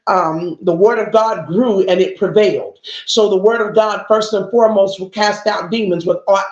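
A woman preaching a sermon, emphatic and calling out to the congregation, reading scripture slowly. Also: medium pitch, a little mellow, echoey room, dull audio. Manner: reads scripture slowly and deliberately.

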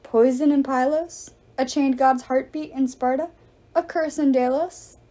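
A woman's voice: high-pitched, fairly even intonation, measured pace, mellow, pitched above the performer's own voice. A woman reading aloud and voicing a joking teenage boy who tinkers and wisecracks. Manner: wisecracking, breezy.

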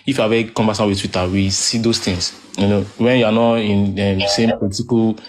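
Man speaking on a call, hesitant, lower voice. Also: flat delivery. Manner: halting, many restarts and fillers. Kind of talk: call-in discussion.

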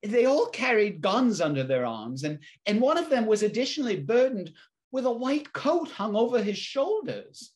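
A woman narrating a spooky story in a stage reading, with expressive storytelling. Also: fairly high pitch, moderate pace, breathy edge.

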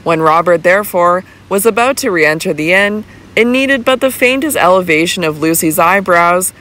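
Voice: mid-range voice, bright, forceful tone. Audiobook narrator reading a classic novel. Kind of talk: scripted narration.

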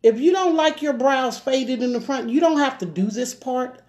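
A woman's voice: sits high, animated, moderate pace, darkish tone. A woman chatting casually with viewers on a live makeup stream, folksy, and she keeps calling out to her audience. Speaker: beauty livestreamer.

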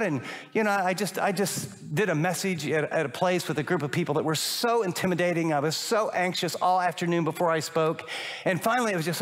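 Older male pastor, lively sermon. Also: high voice, brisk. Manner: animated, acts out little dialogues. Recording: long reverb of a large hall.

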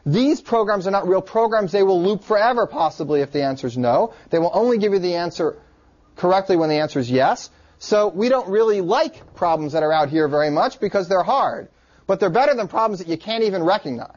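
A man teaching a computer science class in a relaxed, joking way. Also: high-pitched, fairly quick. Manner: relaxed and joking, with filler words. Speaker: lecturer. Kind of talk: classroom lecture. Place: lecture room. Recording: dull lo-fi classroom recording.

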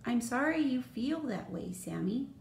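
A woman playing a gentle, patient mother. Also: a little high, expressive, unhurried, gravelly. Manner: soft, gentle, reassuring. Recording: roomy echo, faint noise.

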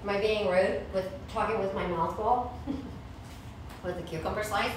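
A woman's voice: medium pitch, steady tone, brisk, very echoey, recorded from a distance, a little hiss or hum, low-quality recording. A woman hosting a casual home cooking show, chatting and snacking in her kitchen as she preps food. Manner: chatty, eats while talking, laughs easily.

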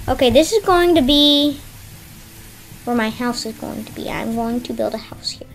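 A woman's voice: a little high, expressive, normal speed, creaky, slight background noise. A woman giving casual, chatty commentary on her own gameplay, talking to herself and yelping when surprised. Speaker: gameplay streamer.

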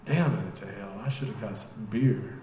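A man's voice: on the low side, moderate pace, dark tone, a little hiss or hum, lightly acted. A man doing a cocky, callous getaway driver. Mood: griping. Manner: griping, sneering drawl. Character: callous swaggering male robber, greedy and cocky. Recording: roomy cafe with live guitar.

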